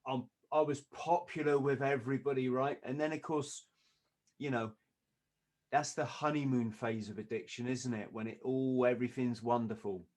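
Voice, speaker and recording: A man, a podcast guest, telling a story in a lively way, often laughing and acting out what others said. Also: mid-range voice, moderate pace. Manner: lively, acts out quoted voices, laughs often.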